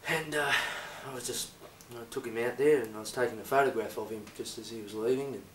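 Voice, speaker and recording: A man from Australia speaking in a hesitant, halting way, full of fillers and restarts. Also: medium pitch, slight background noise. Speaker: improvising actor. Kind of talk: improvised confessional monologue. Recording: echoey room, voice distant from the mic.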